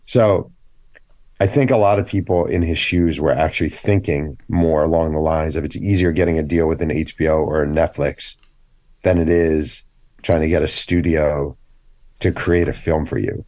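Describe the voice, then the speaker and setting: A man, an author guest on a podcast, telling animated stories, acting out quoted dialogue and speaking bluntly. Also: rumbling low, normal speed, no echo. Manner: blunt, opinionated. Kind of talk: casual podcast interview.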